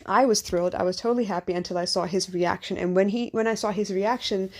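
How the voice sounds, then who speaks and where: A woman's voice: medium pitch, quick pace, a little mellow. A woman hosting a podcast as a life coach, talking in a candid, conversational monologue at three in the morning, a little tired and sharing personal stories. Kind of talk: casual late-night podcast monologue. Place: living in Singapore.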